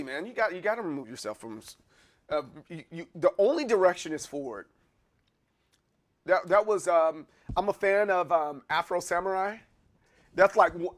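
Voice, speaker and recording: A man hosting a casual live stream, chatting with his viewers in a rambling way, with many restarts and bursts of excitement. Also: high-pitched. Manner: rambling, restarts a lot, chuckles and gets excited. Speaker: livestream host. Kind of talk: casual chat answering live chat.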